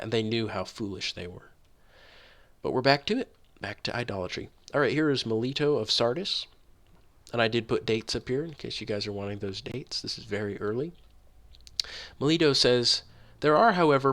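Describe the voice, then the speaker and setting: A man's voice: medium pitch, fairly bright tone. Emphatic man reading quotes aloud. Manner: emphatic, rising on key words, slows down for stress. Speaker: online religious commentator.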